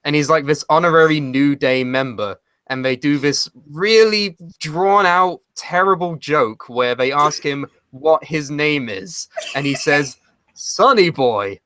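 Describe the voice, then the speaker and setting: A man co-hosting a casual livestream chat, telling stories in an animated, profane way. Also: a little high, unhurried, hardly any pauses, smooth, dry recording. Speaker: podcast co-host.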